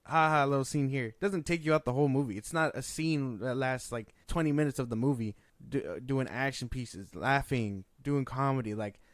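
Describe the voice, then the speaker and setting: A man's voice: medium pitch, moderate pace, hardly any pauses, dry recording. Laid-back man recapping movie scenes. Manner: laid-back, quotes scenes in offhand voices, swears. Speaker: podcast co-host. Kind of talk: casual film review chat.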